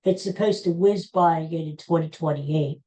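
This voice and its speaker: Lady podcaster just rambling along, mellow low-ish voice, trips over names. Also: moderate pace, poor audio. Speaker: podcast host. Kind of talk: casual solo chat.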